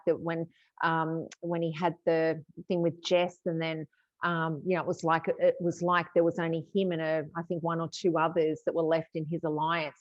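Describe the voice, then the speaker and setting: An Australian woman hosting a podcast, chatting quickly and frankly. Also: low-pitched, dry recording. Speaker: podcast host. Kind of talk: casual chat. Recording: dull dry lo-fi sound.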